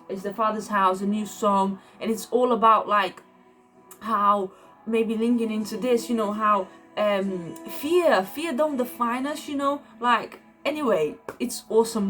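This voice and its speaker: A woman speaks an informal devotional message in an earnest, encouraging tone. She circles back on her words and leans on fillers as she goes. Music plays clearly behind her voice. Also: mid-range voice. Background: background music.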